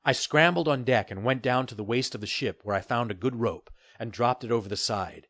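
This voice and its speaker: A man narrating a children's adventure novel with steady, expressive storytelling. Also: mid-range voice, fairly quick, few pauses, dry recording, clean studio sound. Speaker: audiobook narrator. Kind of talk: scripted narration.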